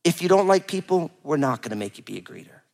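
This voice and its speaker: This man's voice sits on the high side with vocal fry, and he talks fast. He's a pastor in his forties preaching, telling a humorous personal tale with animated, playful delivery and acted-out dialogue.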